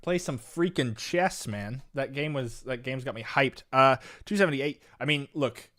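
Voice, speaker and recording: A young Canadian man streams chess at a moderate pace, chatting casually with his live audience. He rambles, swinging from low mumbles to loud, exasperated bursts.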